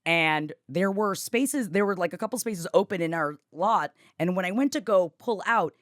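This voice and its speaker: Woman co-host, lively storyteller, dry close mic. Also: lowish voice, moderate pace, no echo. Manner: animated storyteller, shouts when reenacting. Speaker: podcast co-host. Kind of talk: casual chat.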